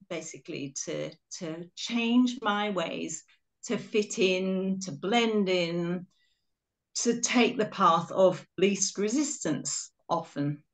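A woman's voice: on the low side, takes it slowly. A middle-aged woman from England giving a webinar talk with slides, telling stories in a chatty, self-deprecating way over a video call. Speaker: guest speaker.

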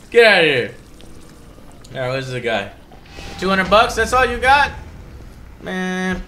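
An excitable male gaming host talks through gameplay in a high, very bright voice. He curses freely and breaks into loud shouts, and his pitch leaps all over the place. A faint hiss sits under his voice. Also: normal speed, long pauses. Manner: excitable, profane, bursts into shouting. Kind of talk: casual gameplay commentary.

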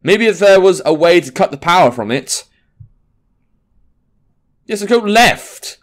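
Young male let's-player, sarcastic and sweary, animated delivery. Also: high voice, measured pace. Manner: sarcastic, swearing, talks to the game. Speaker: gaming commentator. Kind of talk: casual let's-play commentary.

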